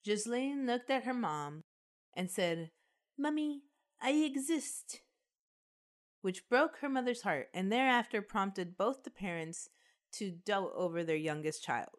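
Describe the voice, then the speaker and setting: A woman's voice: medium pitch, expressive, a little slow. A woman co-hosting a podcast in a casual chat, reading from notes with frequent fillers and easy laughs. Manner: chatty, frequent "like" and "um", laughs easily. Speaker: podcast co-host.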